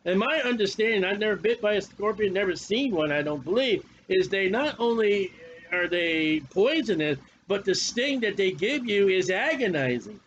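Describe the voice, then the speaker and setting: Fiery high-voiced male preacher. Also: lively intonation, normal speed, a bit bright, lo-fi sound, a little hiss or hum. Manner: fiery, confrontational, repetitive. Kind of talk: sermon.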